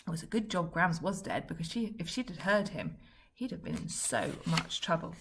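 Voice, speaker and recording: Brief: woman storybook reader, low, raspy and gravelly, wry delivery. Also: big pitch swings, normal speed, a bit bright, a little hiss or hum. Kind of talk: children's book reading.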